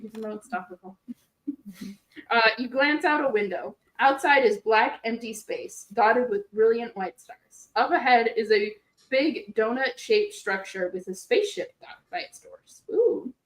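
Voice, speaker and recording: A woman hosting a stream, reading a gamebook aloud in an animated, joking way and laughing often. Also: on the high side, a little slow, roomy sound, rough recording. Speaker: host.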